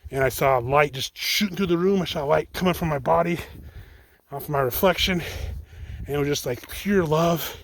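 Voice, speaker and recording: Gravelly young man sharing a rambling testimony. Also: on the high side, normal speed, slight background noise. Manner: rambling, self-correcting, addresses viewers as guys. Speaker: channel host. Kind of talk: casual personal testimony vlog. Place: outdoors, picking up mail.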